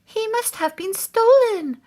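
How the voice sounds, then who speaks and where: A woman voicing an excitable little female moose from a children's picture book, in high squeaky cries. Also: slow, full character voice. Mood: excited, pleading.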